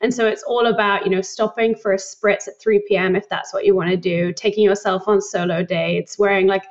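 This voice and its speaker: A woman's voice: mid-range voice, fairly even intonation, fairly quick, lo-fi sound. Upbeat young Englishwoman on a call. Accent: English, softened by American. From England. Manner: chatty, upbeat, laughs easily. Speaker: guest, startup co-founder. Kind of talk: casual interview chat.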